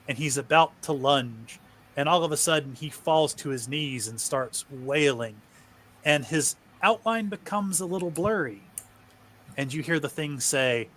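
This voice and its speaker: A man narrating a tabletop game as game master, with slow, deliberate delivery. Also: fairly high pitch, lively intonation, fairly bright tone.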